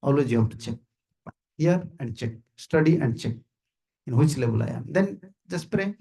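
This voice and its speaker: Gravelly, husky Indian-accented man preaching. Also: medium pitch, expressive, moderate pace, mellow. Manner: repetitive, emphatic, asks listeners "you understand?", chuckles often. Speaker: visiting swami giving a talk. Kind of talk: informal sermon to a small group. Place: indoor house gathering.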